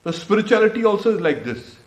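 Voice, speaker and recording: Swami man preaching, laughs a lot, voice jumps high on questions, echoey hall. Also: fast talker, highs cut off. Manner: laughs often, animated with lively pitch jumps. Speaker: swami giving a spiritual talk. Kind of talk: sermon.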